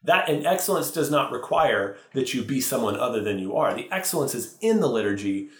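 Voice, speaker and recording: A man's voice: mid-range voice, very animated, fairly quick. A male priest and teacher speaking earnestly in a podcast interview, often correcting himself as he goes. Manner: thoughtful, earnest, with self-corrections. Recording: roomy echo.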